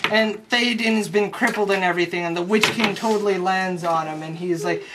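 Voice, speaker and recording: Profane sarcastic young movie recapper. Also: medium pitch. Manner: profane, sarcastic, rambling with quick restarts. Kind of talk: crude comedic plot recap. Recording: faint background noise and clicks.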